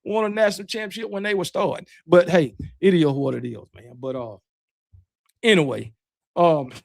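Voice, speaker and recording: A man with a Southern drawl talks in a fairly high voice, rambling and trash-talking at an easy, loose pace. It is casual livestream chat, recorded close on a dry mic with no room sound. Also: moderate pace, gravelly, dry recording. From Alabama, US. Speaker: host of a fan livestream show. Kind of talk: casual livestream chat, reading super chats.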